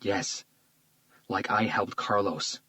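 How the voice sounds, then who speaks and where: A man voicing a weary male police detective who speaks tersely and quietly. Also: on the low side, slow pace, dry recording.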